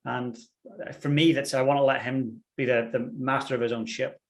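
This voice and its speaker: A man's voice: medium pitch, flat delivery, moderate pace. A man from Ireland, a podcast guest talking earnestly and thoughtfully. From Northern Ireland. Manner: reflective, earnest, hesitant fillers. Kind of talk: conversational interview.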